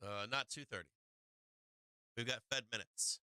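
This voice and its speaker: A man's voice: mid-range voice, a little slow, clean tone, dry recording. A middle-aged man hosting a live stock market stream, chatting casually with viewers and swearing freely. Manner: excitable, swears freely, talks to chat. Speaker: stock market livestream host. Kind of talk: casual live trading commentary.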